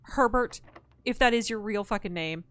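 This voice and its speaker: Exasperated, she swears at the game she's streaming, her mid-range voice fairly bright and at a normal speed. She swears heavily, thinks out loud, and speaks straight to her chat and the game characters in this live-streamed gameplay talk.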